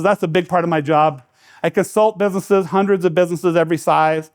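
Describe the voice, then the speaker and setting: A man's voice: high-pitched, clear, resonant tone. A man giving a casual seminar talk as an economic development director, joking and storytelling with many restarts and fillers. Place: lecture room.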